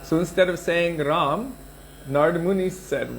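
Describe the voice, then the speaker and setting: A man giving a scripture class, explaining pronunciation and retelling old stories in an unhurried, explanatory way. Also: on the high side, creaky, slight background noise, rough recording. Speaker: scripture teacher.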